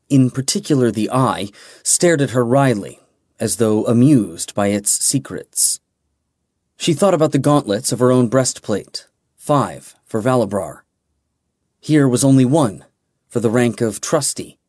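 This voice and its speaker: A man narrating a fantasy novel in a measured, deliberate way. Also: mid-range voice, a little mellow, no room sound, clean studio sound. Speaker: audiobook narrator.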